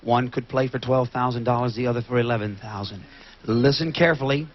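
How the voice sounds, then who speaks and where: A man hosting a TV game show, brisk and joking, repeating answers aloud. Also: medium pitch, steady tone. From Kentucky. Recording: dull lo-fi TV studio recording with loud audience.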